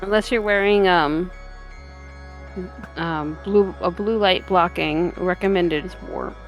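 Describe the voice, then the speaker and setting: A woman's voice: fairly low pitch, takes it slowly, dull audio, soft background music. A woman chatting casually with friends during an online game. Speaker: server player. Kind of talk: casual gaming chat.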